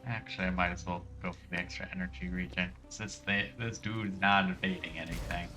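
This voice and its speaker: A man's voice: sits low, fairly even intonation, a little fast, over music. A man streaming a game, talking casually and rambling off on tangents. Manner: rambling and tangent-prone, heavy use of "like". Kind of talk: casual gameplay commentary.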